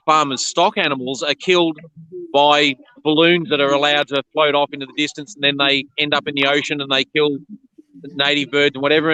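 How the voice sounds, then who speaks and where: An Australian man who relocates snakes, chatting bluntly and telling stories in an animated way. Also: on the high side, rough recording. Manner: animated, blunt, indignant storyteller. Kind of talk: casual chat on a video call.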